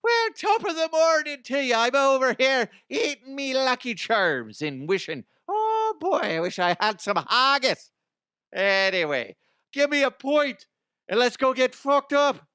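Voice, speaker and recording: A man voicing a cheerful, silly stereotyped Irish character with an exaggerated put-on accent and a high, bouncy delivery. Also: very animated, a little slow, pushed and bright, smooth, no room sound, clean studio sound, full character voice. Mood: jolly.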